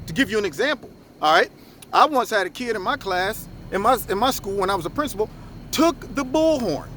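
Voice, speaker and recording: A middle-aged man, a former school principal, giving impassioned opinion commentary and telling animated stories. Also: sits high, brisk, slight background noise. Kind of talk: opinion commentary with acted anecdotes.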